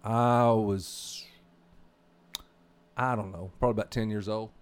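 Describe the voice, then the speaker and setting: A man's voice: on the low side, steady tone, a little slow, smooth. A man from South Arkansas with a South Arkansas accent, co-hosting a casual faith talk and telling stories in a rambling way with many restarts. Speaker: podcast co-host.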